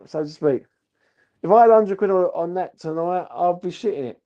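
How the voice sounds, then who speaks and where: A man's voice: sits high, brisk, muffled recording. A drunk man, rambling and swearing through a post-match reaction vlog as the channel's host. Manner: rambling, sweary, repeats "do you know what I mean". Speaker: football fan channel host.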